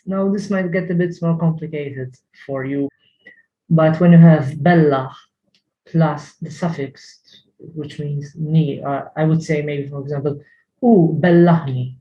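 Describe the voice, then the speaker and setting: A man's voice: on the high side, highs cut off. A man teaching a language lesson, carefully repeating words to model pronunciation, often hesitating.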